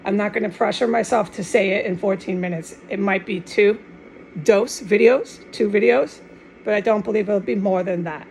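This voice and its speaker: Gravelly-voiced woman in a rambling monologue. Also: medium pitch, moderate pace, darkish tone, low-quality recording. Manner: rambling, restarts often, drops in Spanish words; fervent and insistent. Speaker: online video maker.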